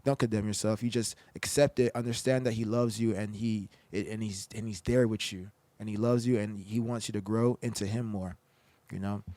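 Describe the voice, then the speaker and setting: A man's voice: fairly low pitch, fairly even intonation, moderate pace, few pauses, mellow, no echo. A man co-hosting a podcast in casual chat, earnest and preachy in places. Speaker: podcast co-host.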